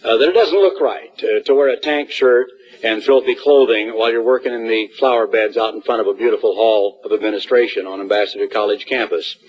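Husky-voiced man, auditorium address to students, folksy storyteller, dull old recording. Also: fairly low pitch, fairly even intonation, fairly quick. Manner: folksy, acts out little scenes with voices. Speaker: college leader addressing new students. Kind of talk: assembly address.

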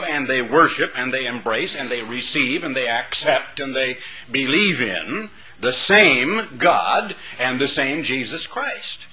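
A man's voice: mid-range voice, sing-song, a little slow, a crowd in the background, rough recording. A middle-aged man preaching a sermon to a congregation, building dramatic, rhythmic lists of phrases. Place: church sanctuary before a congregation.

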